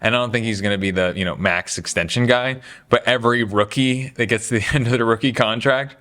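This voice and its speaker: Male sports talker, casual and opinionated, mid-range voice, lively asides. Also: medium pitch, a little fast. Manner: chatty, animated, does mocking voices for quotes. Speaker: basketball commentary host.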